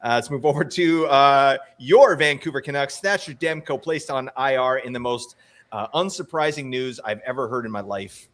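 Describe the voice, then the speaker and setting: A man co-hosting a fantasy hockey podcast in loose, casual chat. He jokes and rambles, and his voice sits at an everyday middle pitch. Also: normal speed. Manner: animated, joking, rambling. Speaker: co-host.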